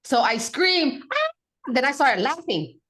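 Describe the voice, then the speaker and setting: Chatty woman telling a lively story. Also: medium pitch, a little slow. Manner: animated, laughing, many fillers and restarts. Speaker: podcast guest, mother. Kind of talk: casual storytelling interview.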